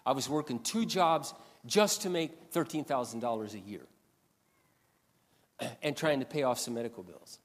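A man preaching a sermon in a storytelling way, animated and swinging between loud passages and quiet asides. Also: medium pitch, normal speed, long pauses, big-room sound. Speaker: pastor.

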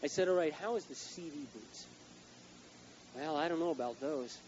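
A man preaching a sermon as pastor, telling a long personal story and rising to loud, emphatic peaks. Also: fairly high pitch, moderate pace, highs cut off, slight background noise.

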